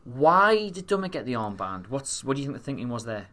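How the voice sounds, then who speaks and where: A man's voice: medium pitch, sing-song, brisk, pushed and bright. A young man in casual chat who leads a football discussion, asking questions in a dry way. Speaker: football fan pundit.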